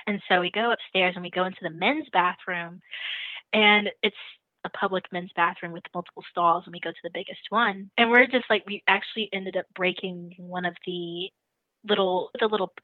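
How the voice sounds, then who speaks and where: A woman's voice: on the low side, normal speed, dry recording. Woman telling a story over a phone line. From lives in the Netherlands. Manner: animated, laughs often. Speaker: caller. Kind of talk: casual storytelling.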